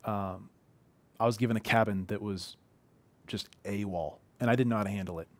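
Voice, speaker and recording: A man's voice: lowish voice, steady tone, moderate pace. A man in his thirties giving an earnest, conversational sermon from a living room, telling heartfelt personal stories. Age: 30s. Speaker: pastor.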